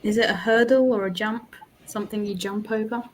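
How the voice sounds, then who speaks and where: British woman guest, chatty, mid pitch, quick laughs, slight background noise. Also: steady tone. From Britain. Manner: quick, laughing, thinking aloud. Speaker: guest guessing riddles. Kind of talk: casual chat.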